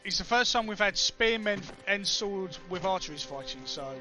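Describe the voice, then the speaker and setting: Man, Cockney accent, young, gamer commentary, bright tone. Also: high-pitched, normal speed, faint music behind. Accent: London Cockney. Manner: excited, chatty, talks to chat. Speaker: streamer. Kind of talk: casual let's play commentary.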